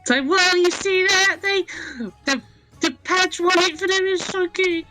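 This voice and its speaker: A woman playing a tabletop fantasy game, talking in a bubbly, excitable way. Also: extremely high pitch, a little slow, soft background music, rough recording. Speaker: player.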